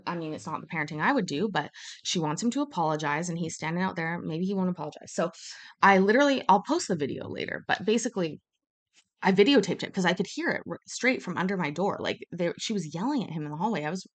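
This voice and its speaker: A woman's voice: lowish voice, expressive, fast talker. A woman live streaming from a hotel room, telling stories in a blunt, profane, casual chat.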